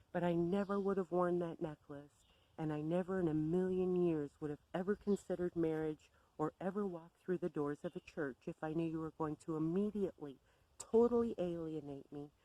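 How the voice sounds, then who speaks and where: A woman's voice: lowish voice, dark tone, no echo, rough recording. Sardonic woman telling a story. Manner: sardonic, exasperated. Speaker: vlogger. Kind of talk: storytelling rant.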